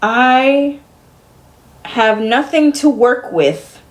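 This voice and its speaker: This young adult streamer vents casually and profanely to her chat, exasperated, moving between loud disbelief and weary muttering. Her voice is high-pitched and expressive, she draws out her words, and there is slight background noise.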